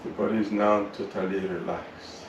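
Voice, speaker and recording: A man teaching yoga, guiding a slow relaxation through the body and then breathing practice in a soothing, unhurried way. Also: on the low side, flat delivery. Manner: slow, soothing, drawn-out guidance. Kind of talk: guided relaxation and yoga instruction. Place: yoga class room. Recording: roomy, distant mic with faint noise.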